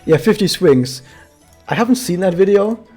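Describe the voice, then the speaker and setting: A man's voice: sits high, lively intonation, normal speed, mellow, soft background music. A man streaming a game, chatting casually to his viewers and explaining things with many fillers. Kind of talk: casual gameplay commentary to chat.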